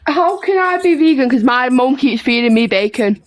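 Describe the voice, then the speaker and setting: A woman's voice: high-pitched, animated, moderate pace. A teenage girl calling into a live stream in a mocking, insulting way. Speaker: caller. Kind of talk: prank call chat.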